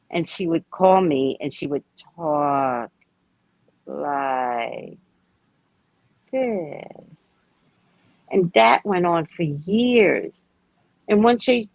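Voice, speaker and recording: Lively, gravelly-voiced woman tarot reader. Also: fairly low pitch, no echo, dull audio. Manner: animated, expressive storyteller. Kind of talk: casual live-stream chat and tarot reading.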